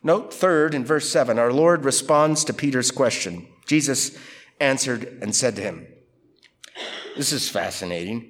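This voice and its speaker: A man's voice: mid-range voice, a little slow. A man preaching through a Bible passage verse by verse, conversational and emphatic, often asking rhetorical questions. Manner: lively, emphatic delivery. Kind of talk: expository Bible teaching.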